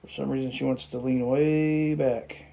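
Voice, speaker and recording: In a loose, casual vlog, a man with a middle-pitched voice talks through his toy collection, tired from the late hour and rambling, stumbling and restarting sentences. His delivery is flat and creaky with a dark tone, at normal speed.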